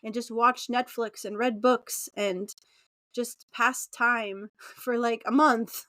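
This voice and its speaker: A woman's voice: a little high, steady tone, slow pace, bright, forceful tone, dry recording, clean studio sound. A woman from Utah in her thirties, a podcast guest chatting casually and laughing often, sometimes acting out quoted voices. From Utah, USA. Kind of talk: casual interview conversation.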